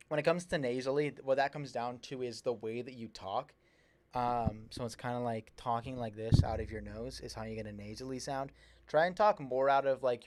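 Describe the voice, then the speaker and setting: A young man hosts a livestream, reviewing a submitted song in a loose, rambling way full of fillers and repeated words. His mid-range voice has a darkish tone, and the recording is dry. His S's come out slightly slurred, something he admits to himself.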